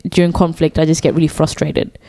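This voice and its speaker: A woman's voice: sits low, little pitch movement, brisk, warm tone. A woman co-hosting a podcast in casual chat, candid and self-deprecating, laughing often and hesitating with fillers. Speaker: podcast co-host.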